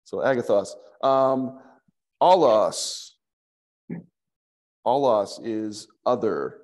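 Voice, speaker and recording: A man teaches a language class at a slow, unhurried pace. He is patient and thinks aloud, with many fillers as he works through each word. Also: medium pitch, animated, darkish tone. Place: church classroom.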